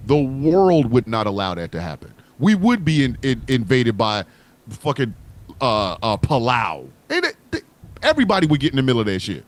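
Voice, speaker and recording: A man hosting a casual livestream chat, talking in an animated, profane way and riffing with comic voices. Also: medium pitch, moderate pace. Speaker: host.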